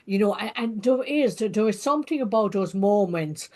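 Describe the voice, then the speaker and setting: A woman's voice: medium pitch, animated, moderate pace. Earnest woman hosting an interview. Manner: warm, earnest, frequent affirmations and restarts. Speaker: podcast host and counsellor. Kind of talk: casual interview chat.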